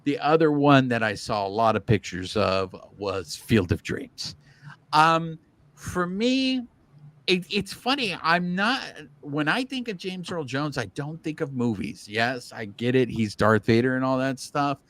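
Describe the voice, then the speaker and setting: A man talks baseball in a loose, animated way, circling back and restarting his thoughts as he goes. His voice sits at an ordinary middle pitch. The sound is dry and close, with no room echo. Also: unhurried. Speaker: podcast co-host. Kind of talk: casual sports chat.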